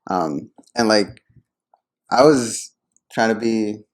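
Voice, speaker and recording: A man's voice: fairly low pitch, takes it slowly. A man telling a story in casual podcast chat, hesitant and full of fillers.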